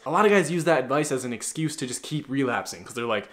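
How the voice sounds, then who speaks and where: A man's voice: medium pitch, expressive, quick pace, hardly any pauses, fairly bright tone. A man giving a casual motivational talk to the camera as a self-improvement coach, blunt and profane, calling the viewer bro.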